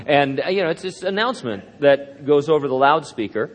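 Older male pastor, folksy and rambling, mid-pitched voice, long hall reverb. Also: fairly quick, few pauses. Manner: rambling, anecdotal, self-deprecating humor. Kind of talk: sermon.

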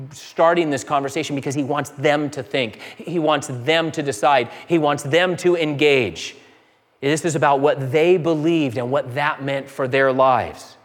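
A man's voice: on the high side, in a large hall. A man preaching a sermon earnestly, acting out quoted voices and building to emphatic peaks. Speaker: pastor.

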